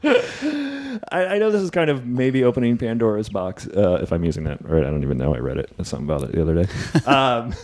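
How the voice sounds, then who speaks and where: A man's voice: medium pitch, sing-song, brisk, a little mellow. A man hosting a casual podcast chat, rambling with many restarts and frequent laughs. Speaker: podcast host.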